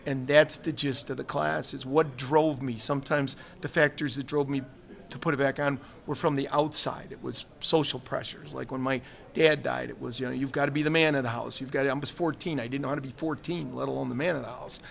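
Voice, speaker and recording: The voice is a man's, mid-range and creaky with a fairly bright tone, moving at a fairly quick pace with fairly even intonation. He is a retired fire chief on a trade show livestream set, earnestly and reflectively telling candid personal stories in a live interview while often quoting people.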